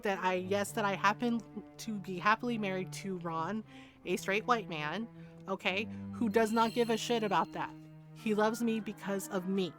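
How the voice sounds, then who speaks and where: Woman, 40s, game streamer, casual live chat, blunt and heated, swears a lot, laughs often, quiet music behind. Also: medium pitch.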